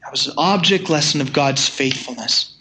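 An older man preaching a sermon, reading scripture aloud in measured tones and then retelling it casually with chuckles. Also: fairly high pitch, sharp tone. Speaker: pastor.

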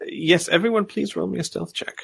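A man narrating as game master of a tabletop game, describing rooms with many pauses and fillers. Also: sits high, gravelly, slightly rough, dry recording. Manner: relaxed, describes scenes with many ums and uhs.

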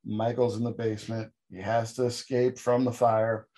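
A man co-hosting a podcast, recapping a film with animated, sarcastic storytelling and sudden jumps in pitch. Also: moderate pace. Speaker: podcast co-host. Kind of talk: casual comedic film review chat.

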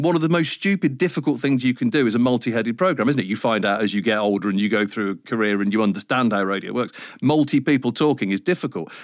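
A man's voice: mid-range voice, dry recording, studio quality. A middle-aged man, telling a rambling, self-mocking story in a casual interview. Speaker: radio presenter guest.

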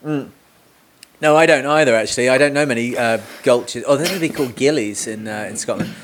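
A man's voice: mid-range voice, a little fast, slight background noise. A man hosting a podcast interview from home, chatting casually with lots of fillers and jokes. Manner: joking, rambling with many fillers. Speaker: podcast host. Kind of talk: casual remote interview chat. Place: home room with a cat.

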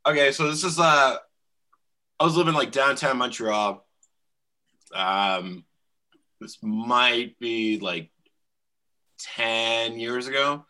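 A man's voice: medium pitch, slow pace, long pauses, sharp tone. A man in his thirties telling a profane story in a casual chat, laughing often. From Canada.

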